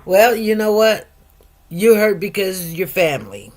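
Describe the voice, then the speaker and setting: A woman's voice: mid-range voice, animated, measured pace, darkish tone. A middle-aged woman, hosting a casual livestream and talking straight to her listeners with lots of emphatic asides. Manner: chatty, emphatic, addresses listeners directly with frequent asides. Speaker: livestream host.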